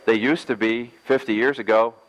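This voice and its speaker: A man's voice: medium pitch, fairly even intonation, moderate pace, in a large hall, rough recording. A man pastor giving a sermon, telling a scripture story playfully with jokes and acted-out lines.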